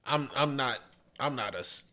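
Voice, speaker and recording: A man chatting casually on a podcast, relaxed and slangy, sometimes acting out other people's voices. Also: mid-range voice, moderate pace. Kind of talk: casual chat.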